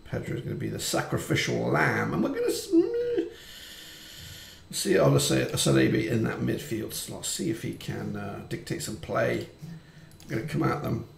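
A man commentating on his football management game, chatty and quick to swear when frustrated. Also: medium pitch, vocal fry, reverberant, slight background noise. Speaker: gaming YouTuber. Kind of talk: let's-play commentary.

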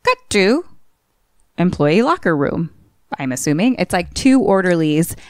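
A woman's voice: on the low side, very animated, measured pace, a little mellow, no echo, clean studio sound. A woman podcast co-host recapping a film in a chatty, profane way. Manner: chatty and profane, plays scenes out.

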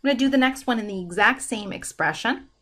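A woman's voice: fairly high pitch, animated, fast talker, a bit bright. Methodical woman teaching a math lesson. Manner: methodical, talks through each step aloud. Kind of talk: recorded math lesson, working through a problem.

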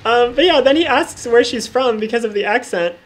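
A woman's voice: on the high side, animated, brisk. A woman talking casually over her own gameplay as a vlogger, full of "like" fillers and freely swearing. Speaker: gaming vlogger.

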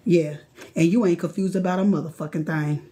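A woman giving a late-night live tarot reading, casual and slangy, talking straight to her viewers and getting excitable, chanting and repeating herself. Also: fairly low pitch, fairly quick, slight background noise. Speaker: tarot card reader.

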